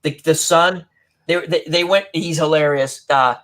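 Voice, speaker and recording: A man's voice: a little high, measured pace, fairly bright tone. A man hosting a casual online chat, rambling through funny stories with lots of giggles. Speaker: host.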